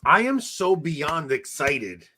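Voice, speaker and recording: Loud, excitable man in his forties. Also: on the high side, slow, a little hiss or hum. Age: 40s. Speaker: podcast co-host. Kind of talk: casual chat.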